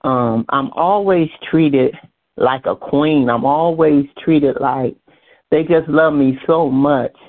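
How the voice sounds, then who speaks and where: An older woman giving a slow, grateful church testimony with halting restarts. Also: low voice. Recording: phone-line call audio.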